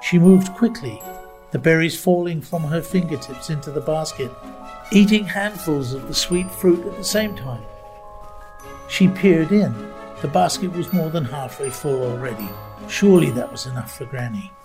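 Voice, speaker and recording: A woman narrating a children's story aloud in a lively, expressive way. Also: sits low, moderate pace, faint music behind. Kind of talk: storybook reading.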